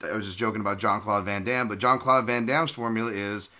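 A man's voice: fairly low pitch, steady tone, fairly quick, bright, forceful tone. A man hosting a podcast, chatting casually and rambling with lots of restarts. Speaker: podcast host. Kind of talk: casual chat.

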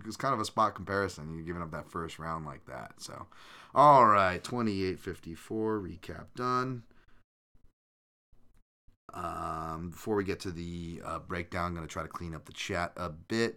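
A man hosting a live show, talking casually as he reads viewers' comments aloud. His voice sits on the low side but sounds bright and forward. He speaks loosely, full of ums, uhs and restarts. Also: clean tone. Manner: loose and conversational, frequent fillers and restarts. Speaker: podcast host.

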